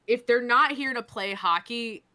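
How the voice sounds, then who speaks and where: A woman's voice: a little high, measured pace, sharp tone. A young woman co-hosting a casual hockey podcast, swearing freely and ranting with fired-up conviction. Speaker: podcast co-host.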